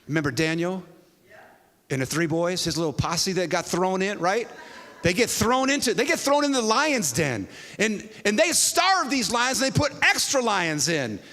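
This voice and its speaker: A man preaches in a large church hall, his voice high and bright. He tells a story with an animated delivery, dropping low and soft, then rising loud. Long reverb trails after each phrase. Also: normal speed. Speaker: pastor. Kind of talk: sermon.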